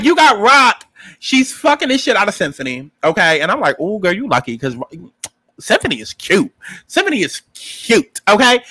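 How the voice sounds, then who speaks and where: Sassy and animated, this man reviews and recaps a TV episode with plenty of profanity, playing out his own reactions as he goes. He has a high voice, recorded without echo.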